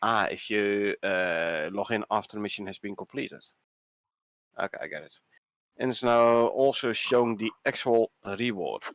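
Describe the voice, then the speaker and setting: A man with a Dutch accent co-hosting a casual gaming livestream, reading patch notes aloud in a relaxed way with hesitant fillers. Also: on the low side, normal speed, no echo. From Netherlands. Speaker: livestream co-host.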